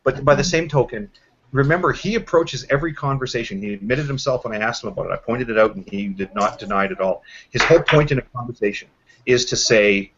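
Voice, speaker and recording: A man's voice: medium pitch, fast talker, a bit bright, lo-fi sound, slight background noise. A man hosting an online call show, talking animatedly with many restarts and mocking the people he quotes. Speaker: host of a video call show. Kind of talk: casual debate talk. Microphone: video call.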